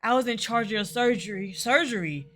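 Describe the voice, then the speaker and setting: A woman reading a gentle, attentive male doctor's lines aloud from a visual novel, in a calm, reassuring, measured way. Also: a little high, lightly acted.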